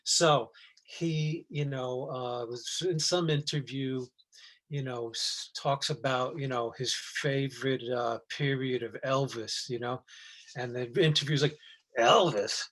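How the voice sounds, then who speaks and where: A middle-aged man in loose, rambling conversation, circling his point through stops, restarts and plenty of fillers. His voice sits at an ordinary pitch for a man, neither high nor low. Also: fairly even intonation, unhurried, a bit bright. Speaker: guest actor. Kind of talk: casual chat.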